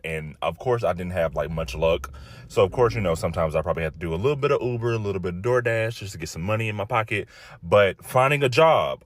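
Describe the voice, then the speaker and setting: A man venting in a vlog, frustrated and pleading with employers. His pitch swings widely as he rants. The sound is close and dry. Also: no echo. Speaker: job seeker vlogger. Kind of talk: vlog rant.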